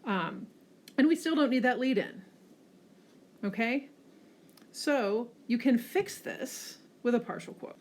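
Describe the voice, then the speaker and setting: A woman teacher giving a classroom lecture over slides, often checking in with a quick "okay?" and pushing hard on key words. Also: fairly high pitch. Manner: frequent checking "okay?" tags, lively emphasis.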